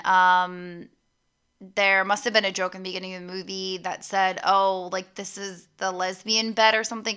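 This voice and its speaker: A woman with a medium-pitched, sharp, clean-toned voice recaps a horror movie casually for her viewers. She talks straight to them, full of ums and likes, with the occasional swear word.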